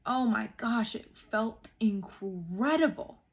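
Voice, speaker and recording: Heartfelt woman vlogger with gravelly fry. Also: medium pitch, fairly even intonation, measured pace, slight background noise. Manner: emotional, heartfelt, says "like" a lot. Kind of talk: reflective casual chat.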